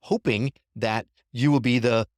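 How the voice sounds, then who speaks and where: A man hosting a podcast, talking in a friendly, halting way and stumbling over his words. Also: mid-range voice, steady tone, no echo, studio quality. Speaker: podcast host. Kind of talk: casual chat.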